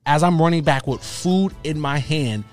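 A man in his thirties, co-hosting a podcast, telling a story in a casual, animated way and acting out what people said. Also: a little high, moderate pace, faint music behind. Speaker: podcast co-host.

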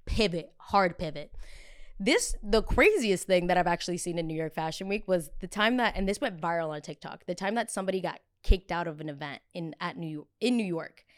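A young woman hosting a podcast, telling a story in chatty, animated fashion, full of "like" fillers and acted-out quotes. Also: brisk, few pauses. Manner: animated, acts out quoted people with big jumps in pitch and loudness; chatty, heavy use of filler "like". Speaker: podcast host. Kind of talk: casual storytelling.

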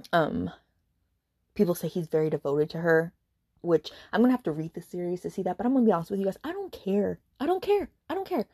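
Woman, book podcast host, lower pitch, dry recording, sarcastic rant, swearing, lots of fillers. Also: warm tone, no echo. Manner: fast retelling with many fillers. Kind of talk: casual book review rant.

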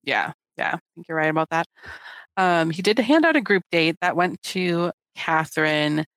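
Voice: mid-range voice, lively intonation, normal speed, a bit bright, no room sound. A podcast host in casual recap chat, explaining and prompting the other speakers.

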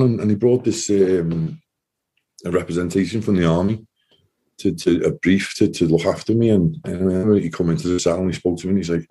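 A man with a deep, husky voice tells his story in a loose, rambling way. His tone is mellow and dark, and "you know" fills many of his sentences. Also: fairly quick. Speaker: interview guest. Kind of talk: casual storytelling.

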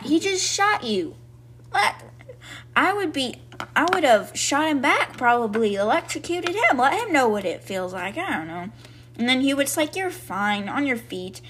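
Chatty woman recapping a book. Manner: chatty, full of "like" and "I guess" fillers; reacts with sudden high-pitched exclamations. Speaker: podcast host. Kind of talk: casual book recap and commentary.

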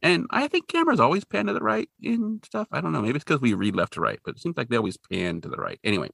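A man tells a cartoon's plot in casual podcast chat. His voice is bright and it swings widely in pitch as he gets animated. The recording is close and dry. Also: fast talker, vocal fry, no room sound. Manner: animated storyteller, jumps into high voices for quoted characters. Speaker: podcast co-host recapping a cartoon episode.

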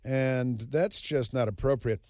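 A male talk radio host holds forth in a sarcastic, mocking monologue, rambling and stopping on fillers. His mid-pitched voice is dry and close on a studio mic. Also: unhurried, a little mellow, no room sound. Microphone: studio microphone.

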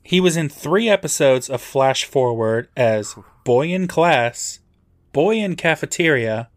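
A man's voice: a little high, animated, measured pace. A man co-hosting a podcast, recapping a TV episode in a dry, matter-of-fact way. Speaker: podcast co-host. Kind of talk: casual chat recapping an episode.

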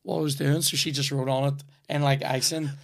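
A man's voice: mid-range voice, little pitch movement, brisk, creaky. A man in his thirties with a Northern Irish accent, hosting a podcast and telling long, rambling, sweary stories in casual chat. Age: 30s. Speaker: podcast host.

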